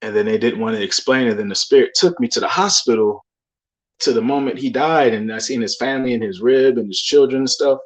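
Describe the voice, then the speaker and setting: A man's voice: medium pitch, brisk. A young man in a loose, rambling monologue full of slang and fillers, recounting religious dreams. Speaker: believer sharing dreams. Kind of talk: casual testimony monologue.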